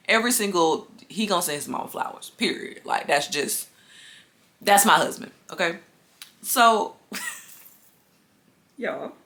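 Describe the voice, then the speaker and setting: Chatty woman with a bright, forceful voice. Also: low voice. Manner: chatty, addresses viewers as y'all. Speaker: lifestyle vlogger. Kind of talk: casual storytime.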